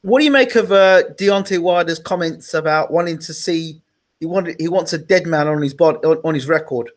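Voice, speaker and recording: A man's voice: fairly high pitch, normal speed. A man hosting a live boxing interview, asking probing questions and pushing back on the answers. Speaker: host.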